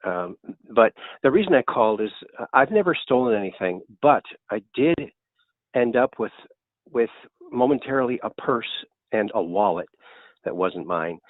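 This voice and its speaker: A man from Minnesota calling in to a show, telling a story haltingly with many fillers. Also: on the low side, lively intonation, no echo. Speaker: caller. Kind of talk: telling a story over the phone. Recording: tinny phone line.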